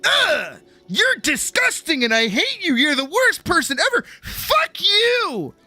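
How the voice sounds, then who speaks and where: A man voicing a spiteful adult who hurls shrill, furious insults. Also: wildly swooping pitch, takes it slowly, sharp tone, soft background music, exaggerated voice. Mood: disgusted fury. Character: shrieking spiteful hater, adult.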